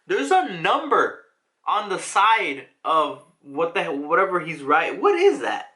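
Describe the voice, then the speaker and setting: A man casually recapping a comic chapter, excitable and animated, swearing freely as he goes. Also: fairly high pitch, measured pace. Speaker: comic reaction host.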